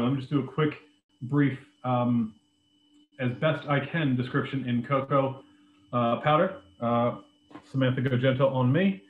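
A man leading a live online drink-making class, explaining ingredients in a relaxed way with lots of ums and uhs. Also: medium pitch, a little hiss or hum. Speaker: beverages director teaching a cocktail class. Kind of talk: live online cooking demonstration. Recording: echoey room over a phone-like line.

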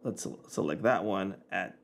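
A man hosting a software tutorial, talking in a relaxed, informal way as he clicks through the steps. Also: sits low, normal speed, creaky. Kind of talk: casual screen-recording walkthrough.

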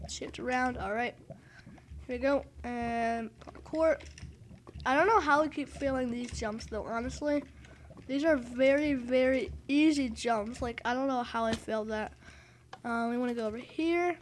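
A woman giving excitable, self-mocking commentary over her own gameplay and exclaiming at every failed jump. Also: sits high, slight background noise. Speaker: gaming video host.

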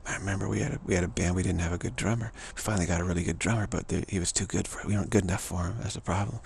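Rapid-fire and steady in tone, a man with a low, gravelly, slightly rough voice delivers a loose, rambling monologue to an audience. He keeps repeating himself and breaking into drum-like scat asides.

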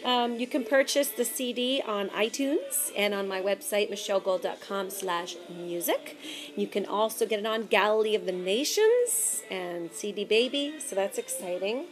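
A woman's voice: mid-range voice, expressive, moderate pace. A woman gospel singer giving a bubbly, effusive video update to her supporters. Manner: bubbly and effusive, says darling. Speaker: gospel recording artist. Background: faint music with a man singing.

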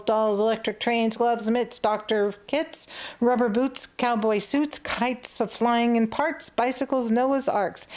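A woman reading a rhyming storybook aloud in a slightly high voice. Her delivery is rhythmic and sing-song, a parent reading picture-book verse to children. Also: a little mellow.

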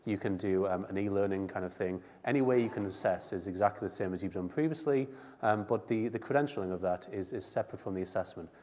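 A man's voice: on the low side, a little mellow. A man with a northern English accent and a head cold, giving an informal, chatty conference presentation. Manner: chatty, informal, quick asides. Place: conference hall. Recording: long reverb of a large hall.

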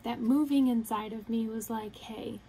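A young woman earnestly telling a personal story to the camera, halting and quoting her own thoughts. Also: fairly high pitch, flat delivery, mellow, slight background noise, low-quality recording. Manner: earnest, halting, retelling with quoted inner thoughts. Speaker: vlogger.

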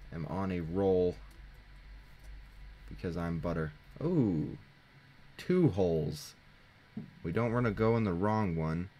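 This teenage boy hosts a gaming channel, giving casual let's-play commentary through a desk mic. He is chatty, jokey and self-mocking as he thinks aloud, in a low voice over a little hiss or hum.

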